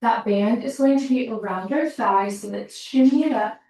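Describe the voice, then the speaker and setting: Counting down reps while catching her breath, a pilates instructor encourages her students at a moderate pace. Her fairly high voice has a dark tone, recorded by a laptop sitting far off in an echoey room.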